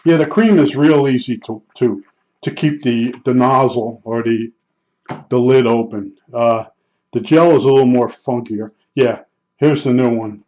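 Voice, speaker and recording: A man's voice: mid-range voice, a little slow, darkish tone. Rambling blunt man on lo-fi audio. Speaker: vlogger. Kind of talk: rambling storytelling vlog. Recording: dull lo-fi sound.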